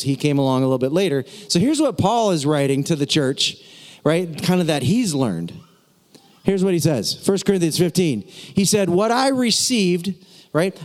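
Excited pastor guy, kinda high voice, cracks jokes n laughs, big echoey church. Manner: excitable, jokey, laughs often, conversational asides. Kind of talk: sermon.

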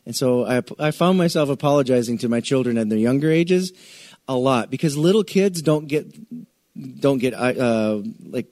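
A man's voice: mid-range voice, animated, normal speed, a little mellow, dry recording. A middle-aged man from the United States preaching a conversational sermon, with joking asides, restarted sentences and key words drawn out for stress. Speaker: pastor.

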